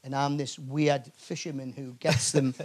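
A man's voice: mid-range voice, a little slow. A man with a Geordie accent, a comedian and actor, telling rambling, swear-filled anecdotes as a guest. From Newcastle, England. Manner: animated storyteller, swears freely, many restarts. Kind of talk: anecdotal chat before a live audience.

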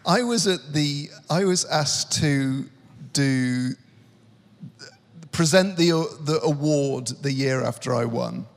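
A man's voice: mid-range voice, slow pace. A man who is a guest comedian in a casual chat, animatedly telling stories and acting out the people in them, on stage before a live audience. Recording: live venue with long reverb.

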